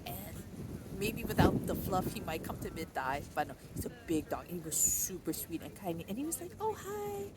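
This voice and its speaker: Woman rambling into her phone outside, cold windy day, loud wind and cars behind her. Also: on the low side, sing-song, moderate pace. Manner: chatty, lots of fillers and restarts. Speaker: vlogger. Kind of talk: casual storytelling vlog. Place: outdoors in cold, windy weather. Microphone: phone held by hand. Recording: loud wind and traffic noise outdoors.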